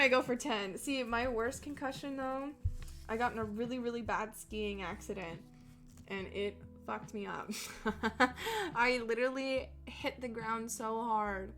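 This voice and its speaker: A young woman with a somewhat high voice rambles through a story in relaxed, filler-heavy chat, laughing often and swearing freely. Soft music plays faintly underneath. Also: measured pace. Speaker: streamer reading chat. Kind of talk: casual chat.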